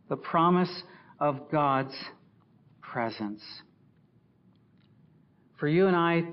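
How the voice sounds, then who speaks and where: A man preaching a sermon as pastor, rising loud for scripture and dropping low and soft for reflection. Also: highs cut off.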